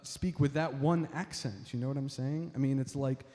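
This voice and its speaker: A man's voice: mid-range voice, steady tone, normal speed, dark tone. A man doing a stand-up comedy set on stage, rambling with lots of fillers and talking to the audience as folks. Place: stage before a live audience. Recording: reverberant hall with crowd and noise.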